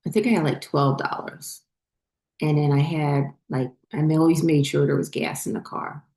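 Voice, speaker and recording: A woman telling a personal story in a rambling, halting way, full of fillers and restarts, as a spiritual vlogger. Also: low voice, fairly even intonation, mellow.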